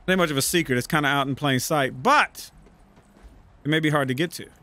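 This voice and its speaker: A man giving casual gameplay commentary, trash-talking enemies loudly with plenty of profanity. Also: on the high side, fairly quick. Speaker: gaming YouTuber.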